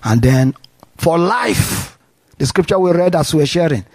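A man's voice: on the high side, unhurried, gravelly, husky. A man preaching a sermon, retelling a scripture story and calling on listeners to respond. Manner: animated preaching with call-and-response.

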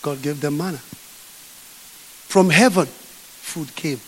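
A man preaching a sermon, telling a Bible story with lively acting. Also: a little high, extremely slow, a little hiss or hum. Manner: animated storytelling, acting out scenes. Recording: echoey hall.

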